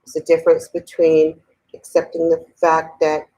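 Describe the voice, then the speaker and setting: A middle-aged woman teaching a spiritual talk in a conversational way, often asking "okay?", then slowing and softening to lead a guided meditation. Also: low voice, monotone, rough recording. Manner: slows and softens while guiding breathing.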